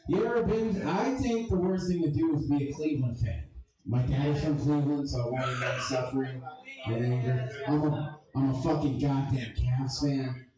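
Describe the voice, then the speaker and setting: A man's voice: mid-range voice, moderate pace. A man doing a stand-up comedy set with crude, abrasive and self-deprecating jokes. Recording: echoey room, distant mic, crowd audible.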